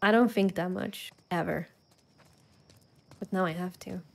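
A young adult woman streamer chats with her viewers during casual live gameplay, making self-deprecating comments as she plays. Her voice is on the low side with vocal fry, and she speaks at a measured pace.

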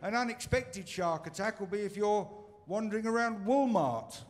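A man's voice: high voice, lively intonation, moderate pace, background noise. A man from Britain performing a stand-up routine on a comedy stage, teasing the crowd in a dry way.

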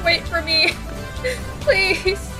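A woman's voice: very high voice, drawn-out words, music in the background. A young woman playing a video game with a friend, cursing and screaming in frustration. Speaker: co-player. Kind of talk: let's-play gaming commentary.

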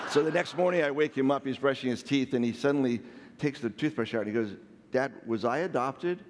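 A man's voice: medium pitch, fast talker, in a large hall, background noise. A man telling funny personal stories on stage, self-deprecating and playful. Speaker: speaker. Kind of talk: storytelling talk on stage. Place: large hall.

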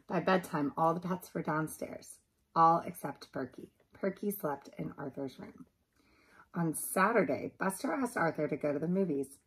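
A preschool teacher reading a picture book aloud to young children in a gentle manner. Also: female voice, low voice, moderate pace, slightly rough, rough recording.

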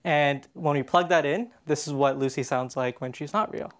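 A Canadian man speaks on a conference stage in a fairly high voice. His talk is casual and conversational, full of "um"s and restarts. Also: normal speed. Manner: casual, chatty, with frequent fillers and restarts. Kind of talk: conference presentation.

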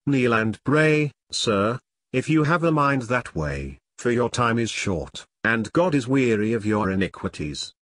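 A man's voice: medium pitch, sing-song, fairly bright tone, no echo. A man reading as a stern, commanding prince. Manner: grave, formal, measured.

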